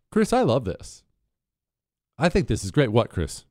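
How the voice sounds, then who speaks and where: A middle-aged man hosting a talk radio show, delivering an emphatic monologue with quick asides. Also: medium pitch, no room sound, studio quality. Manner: animated, emphatic, quick asides and put-on quoted voices.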